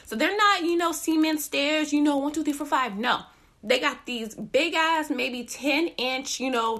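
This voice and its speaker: A young woman hosting a podcast, telling a profane, animated story and acting out the quotes. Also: high voice. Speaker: podcast host. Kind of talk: casual storytelling monologue.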